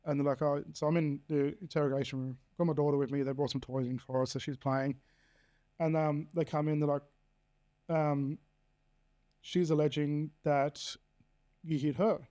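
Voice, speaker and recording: A man's voice: a little high, little pitch movement, moderate pace, pauses often, mellow. Blunt Australian man in his thirties. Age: 30s. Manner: blunt, swears freely, acts out quoted dialogue. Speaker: podcast guest. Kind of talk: candid personal storytelling.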